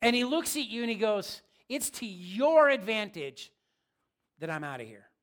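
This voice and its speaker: A man's voice: sits high, sing-song, moderate pace, fairly bright tone. A man preaching a sermon as pastor, in a casual, joking, conversational way.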